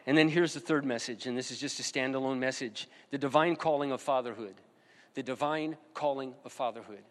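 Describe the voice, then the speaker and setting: A man's voice: mid-range voice, a little fast. Earnest man preaching in a reverberant hall. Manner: earnest, emphatic, repeats key phrases. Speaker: pastor. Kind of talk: sermon.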